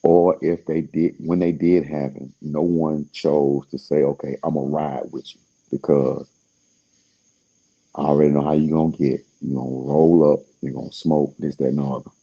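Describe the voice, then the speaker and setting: Very deep gravelly man, laid-back rambling. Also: flat delivery, moderate pace, dark tone, muffled recording. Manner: laid-back, slangy, trailing off with fillers. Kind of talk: casual rambling monologue.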